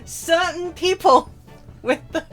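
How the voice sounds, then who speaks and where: A woman's voice: extremely high pitch, slow pace, a bit bright, soft background music. A woman co-hosting a gaming stream, chatting casually and teasing with playful banter. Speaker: streamer co-host.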